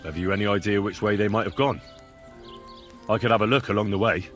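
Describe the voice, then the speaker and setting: An actor playing an earnest, dry-witted young hired hand in a video game. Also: male voice, lowish voice, steady tone, fast, a bit bright, natural voice. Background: game music.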